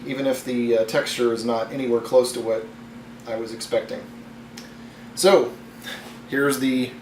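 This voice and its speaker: Man, cooking channel host, mid-pitched and casual, rambling delivery, roomy distant mic. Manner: relaxed and rambling, many fillers and restarts. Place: home kitchen. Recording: echoey kitchen, mic at a distance, audible noise.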